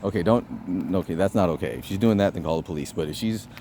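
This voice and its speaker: A man's voice: deep voice, quick pace, mellow, slight background noise. A man talking to the camera in a casual, rambling vlog, swearing a lot and often restarting his sentences. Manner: rambling, profane, repeats words and restarts often. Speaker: vlogger giving dating advice.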